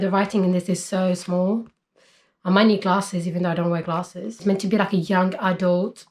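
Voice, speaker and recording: A woman's voice: mid-range voice, a little mellow. A woman in her twenties, chatting casually about books as a vlogger, full of fillers like "basically" and "like". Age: 20s. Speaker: book vlogger. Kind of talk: casual chat.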